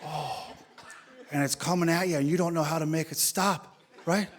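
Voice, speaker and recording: A man from Newfoundland, Canada, doing animated stand-up comedy on a theater stage and talking straight to the crowd through a handheld mic. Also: on the high side, moderate pace. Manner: animated storytelling, addressing the crowd. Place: theater stage before a live audience. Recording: theater reverb, audience noise.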